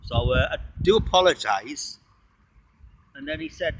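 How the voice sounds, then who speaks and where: Lively, husky-voiced man rambling. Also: mid-range voice, moderate pace, pauses often, rough recording. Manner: rambling, playful wordplay, chatty asides; talks while eating. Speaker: livestream host. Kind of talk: casual rambling livestream chat.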